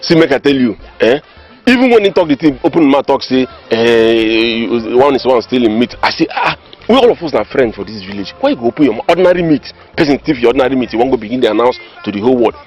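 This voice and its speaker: A man's voice: medium pitch, big pitch swings, quick pace, darkish tone, natural voice. A man playing a Nigerian village gossip, rattling off the news at speed in a mid-range voice. He presses his point again and again. Light music runs behind him. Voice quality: gossiping, explaining insistently. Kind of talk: Nollywood comedy film acting. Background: faint background music.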